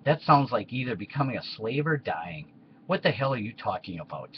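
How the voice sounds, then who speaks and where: A man's voice: mid-range voice, very animated, a little fast, highs cut off, slight background noise, close to an everyday voice. A man voicing Alexander the Great as a brash, bullying conqueror. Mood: scornful.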